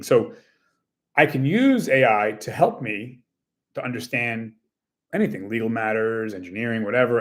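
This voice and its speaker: A man who runs a small tennis business, talking casually to his viewers in a rambling way, full of fillers and quick acted-out quotes. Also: mid-range voice, a bit bright. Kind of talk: casual talk to camera.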